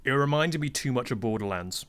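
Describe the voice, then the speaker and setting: A man's voice: mid-range voice, a little fast. Swearing man telling game stories. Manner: animated anecdotes, acts out quotes, swears freely. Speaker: podcast guest, game master. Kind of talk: casual chat, storytelling.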